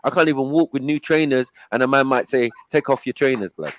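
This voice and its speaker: A man hosting a panel, arguing his side in a laid-back, low-key manner full of street slang. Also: brisk, a little hiss or hum. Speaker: panel host. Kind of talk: heated casual debate.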